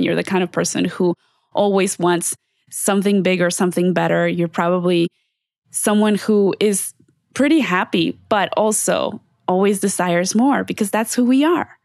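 Woman podcast host, lower register, dry close sound; candid, heartfelt solo monologue straight to listeners, casual, swears now and then. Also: vocal fry, dry recording. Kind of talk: unscripted personal monologue.

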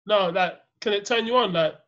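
A man's voice: sits high, fairly quick, a crowd in the background. A young man hosting a casual chat, loose and laughing, with "innit" at every turn. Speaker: podcast host. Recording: dull lo-fi sound.

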